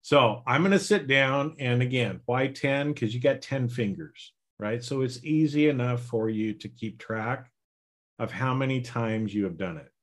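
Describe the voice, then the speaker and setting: A man who talks slowly and unhurriedly, in a middle-range voice. He hosts a healing podcast in a plain, folksy manner and keeps checking in with listeners. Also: mid-range voice. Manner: slow, repeats "right?" and "okay?". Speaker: podcast host, healing coach. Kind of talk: casual self-help podcast talk.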